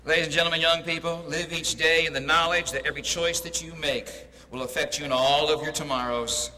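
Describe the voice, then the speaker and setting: A man's voice: fairly high pitch, steady tone, brisk, bright, forceful tone. A man giving a graduation ceremony address in an emphatic, preacher-like cadence and telling a story, speaking into a podium mic over a PA in a large hall. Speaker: commencement speaker. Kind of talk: preachy ceremony speech with a joke.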